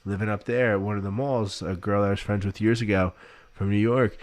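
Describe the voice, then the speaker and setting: A man's voice: lowish voice, steady tone, brisk, darkish tone, dry recording. A man in his thirties, a podcast guest, telling chatty stories and acting out what people said. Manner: chatty storyteller, acts out quotes. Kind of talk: casual chat.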